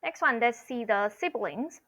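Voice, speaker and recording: A woman's voice: a little high, animated, unhurried, fairly bright tone, no echo. A woman teaching pronunciation online, explaining patiently and repeating sounds for learners to copy, saying "okay" often. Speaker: Mandarin teacher. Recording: dull lo-fi sound.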